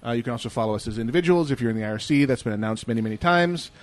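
A man's voice: medium pitch, lively intonation, rapid-fire. A male podcast host closes out the episode with playful, mock-grand patter and frequent laughs. His voice sits in the middle range. The sound is dry and close, with no room echo. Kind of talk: casual podcast chat.

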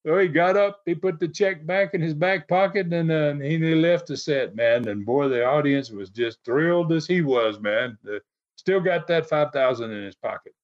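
Guy telling a rambling story, kinda higher voice, fillers everywhere, muffled lo-fi audio. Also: normal speed. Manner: rambling, peppers lines with 'man' and 'uh'. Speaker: storyteller recounting wrestling TV. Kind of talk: casual storytelling chat. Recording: dull lo-fi audio.

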